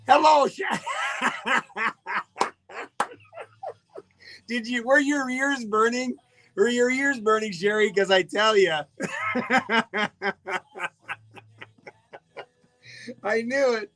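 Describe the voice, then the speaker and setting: A man's voice: high-pitched, bright, forceful tone. A man hosting a live radio show in casual, jokey chat, greeting listeners by name. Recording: faint music behind the voice.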